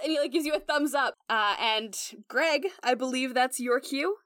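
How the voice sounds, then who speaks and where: Young woman GM, chatty and animated, slightly high voice, dry close mic. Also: normal speed, hardly any pauses, no room sound. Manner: animated, lots of "like" fillers, breaks into character voices. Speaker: game master. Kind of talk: narrating a tabletop game.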